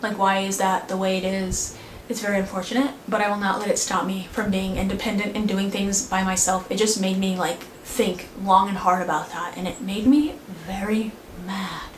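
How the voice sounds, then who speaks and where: A woman's voice: mid-range voice, level tone, moderate pace. A young woman vlogger telling a story in casual chat, filling her talk with "like". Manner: chatty, frequent "like" fillers. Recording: echoey room with faint noise.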